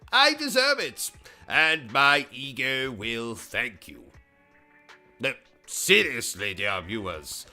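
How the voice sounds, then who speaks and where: British male streamer, pompous and theatrical, slow deliberate delivery, bright edge. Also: on the high side. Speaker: gaming YouTuber. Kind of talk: comedic livestream rant.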